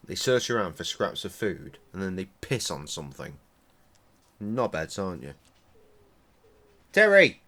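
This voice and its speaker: A man's voice: deep voice, animated, normal speed, a bit bright. A man chatting and swearing casually while streaming a game and tending to his dogs. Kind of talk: casual live-stream commentary.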